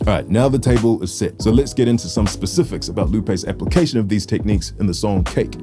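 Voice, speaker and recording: A man teaching music theory for rap, explaining with clear, methodical delivery and vocal rhythm demonstrations. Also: fairly low pitch, fast, few pauses. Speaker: music educator. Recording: music bed behind voice.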